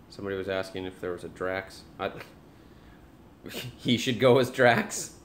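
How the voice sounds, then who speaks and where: Young guy on a live stream, kinda low voice, goofy dad jokes and baby talk. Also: moderate pace, slight background noise. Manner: joking, chatty, coos at his baby. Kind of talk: casual live stream chat.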